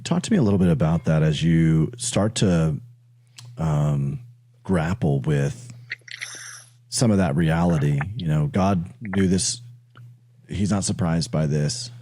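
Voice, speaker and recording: A man hosting a faith interview, asking calm, reflective questions. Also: very deep voice, unhurried, long pauses. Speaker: host.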